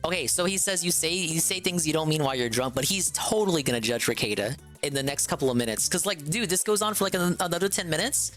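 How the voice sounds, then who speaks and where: A man's voice: fairly high pitch, animated, quick pace, hardly any pauses, a bit bright, soft background music. A man streaming a reaction to a video, talking in a sarcastic, rambling way full of filler words.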